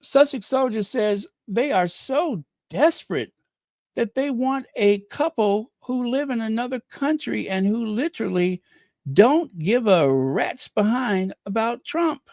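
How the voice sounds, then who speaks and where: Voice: mid-range voice, animated, a little slow, a little mellow, no room sound, studio quality. A channel host giving chatty, opinionated commentary with laughing asides. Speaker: host of a royal news channel. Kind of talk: casual commentary.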